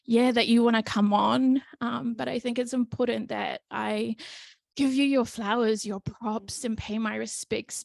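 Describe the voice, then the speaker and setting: A woman's voice: on the high side, creaky, darkish tone, no echo. A woman hosting a casual podcast interview, emotional and gushing, with many ums. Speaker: podcast host.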